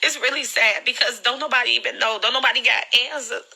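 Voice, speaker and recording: A woman's voice: a little high, fast, vocal fry, sharp tone, husky, poor audio. A woman speaking straight to her phone audience in an earnest, pleading way, holding back tears as she warns her viewers. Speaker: livestreamer sharing her illness experience. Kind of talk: emotional direct-to-camera livestream.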